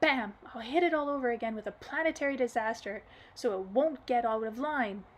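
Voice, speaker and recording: A boastful dark-haired man throws out loud, punchy claims, as a woman reads him in an audiobook. The voice sits a little high. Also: a little fast, natural voice, rough recording. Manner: bragging, punchy outbursts.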